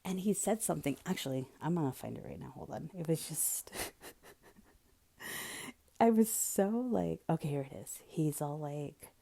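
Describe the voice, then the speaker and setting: A woman's voice: deep voice, normal speed, creaky, pauses often, dark tone, slightly rough. A young woman hosting a podcast, talking casually and bluntly about dating, with lots of "like" and an occasional drop into a whisper. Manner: candid, blunt, peppered with "like". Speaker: podcast host. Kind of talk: casual monologue.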